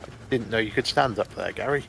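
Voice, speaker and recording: A man's voice: fairly low pitch, quick pace, gravelly, background noise. A man co-playing on a gaming stream, chatting with a dry, wry humour. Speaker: co-player on stream. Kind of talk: casual gaming chat.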